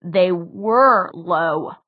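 A woman voicing a steady, tough young male fighter who speaks curtly and firmly. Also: medium pitch, moderate pace, natural voice. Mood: tense. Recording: tinny phone-like dry sound.

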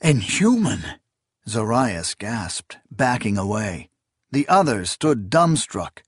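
A man reading a fantasy novel aloud in a measured, deliberate way. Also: lowish voice, big pitch swings, breathy edge, no echo, studio quality. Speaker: audiobook narrator. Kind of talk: scripted fantasy narration.

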